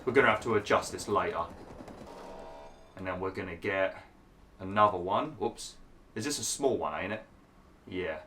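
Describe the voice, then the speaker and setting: A man hosting a gaming channel, explaining a park-building game step by step with lots of fillers while his voice is going hoarse. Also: deep voice, moderate pace, pauses often, sharp tone, faint music behind. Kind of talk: casual gameplay commentary.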